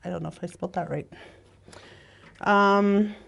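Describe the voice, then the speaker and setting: A woman leads a laid-back language lesson at a slow, patient pace. She laughs easily and stretches out each example word so learners can follow. Her pitch sits at an ordinary middle level. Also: fairly even intonation, gravelly, a bit bright. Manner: unhurried, laughs often, drawn-out example words. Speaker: language teacher.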